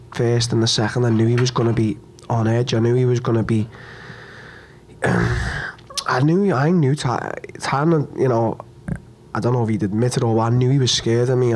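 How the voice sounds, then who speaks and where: A young man speaks at a post-fight press conference, his voice at an ordinary middle pitch. He is upset and hurt after losing, and talks bluntly and haltingly, repeating himself and swearing as he goes. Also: darkish tone.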